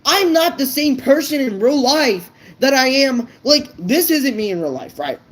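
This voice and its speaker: A woman's voice: high-pitched, sing-song, unhurried, poor audio. A woman vlogger ranting unscripted to her viewers, blunt and profane, stumbling over her words. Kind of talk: unscripted rant to camera.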